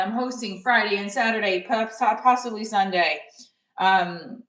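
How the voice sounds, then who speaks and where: A woman's voice: mid-range voice, normal speed, fairly bright tone, reverberant, distant mic, poor audio. A woman comedian chatting casually on a live stream, rambling and cutting herself off as she tells a story. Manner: chatty, rambling, self-interrupting. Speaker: stand-up comedian.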